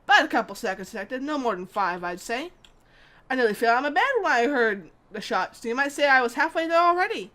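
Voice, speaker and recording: A woman's voice: fairly high pitch, expressive, fast, bright, forceful tone. A woman putting on a folksy whiskey-loving old neighbor. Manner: rambling, folksy, drawling. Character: middle-aged male neighbor, folksy whiskey drinker. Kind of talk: video game dialogue read aloud.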